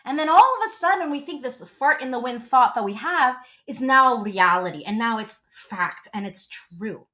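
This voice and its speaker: A woman in her forties, a relationship coach, talking as an interview guest in a gushing, animated storytelling way. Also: fairly high pitch, moderate pace, hardly any pauses.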